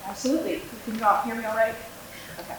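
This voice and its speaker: A woman's voice: fairly high pitch, fairly even intonation, fast talker. A middle-aged woman giving a prepared address at a school board meeting, projecting her voice like a teacher. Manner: projecting teacher voice without a microphone. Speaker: military school liaison. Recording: very echoey room, faint hiss.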